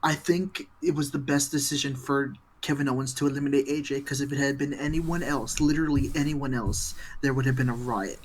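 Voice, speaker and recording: A man's voice: mid-range voice, fairly even intonation, brisk, hardly any pauses. A man joining a casual chat show as co-host, talking in a dry, teasing way.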